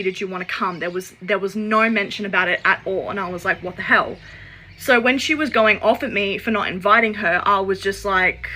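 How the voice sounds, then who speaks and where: A chatty woman recounting a personal story in a casual storytime. Her voice is bright and forceful. She acts out the lines of the people in the story and leans on "like" as a filler. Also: medium pitch. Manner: chatty, acts out quoted dialogue; frequent "like" fillers.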